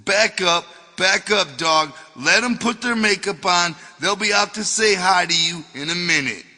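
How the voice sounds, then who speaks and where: A man reads a tough male bouncer who stays polite until he is pushed. His orders come out blunt and firm in a bright, forceful voice. A long reverb hangs behind. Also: high voice, unhurried, faint music behind, heavily acted.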